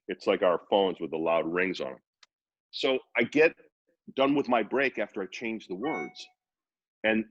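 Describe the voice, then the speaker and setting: A man in his fifties with a lowish voice, spinning rambling, animated stories from his radio career. The recording is dry and a little dull, with no room sound around him. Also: dry recording. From Worcester, Massachusetts. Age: 50s. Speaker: radio personality guest. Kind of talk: casual storytelling interview.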